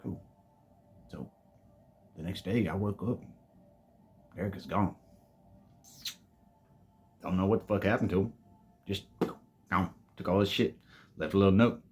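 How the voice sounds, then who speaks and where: A man's voice: low voice, measured pace, pauses often, darkish tone. A man casually telling a storytime tale to his viewers, laid-back and full of swearing, calling them babies. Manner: profane, laid-back, calls listeners "babies".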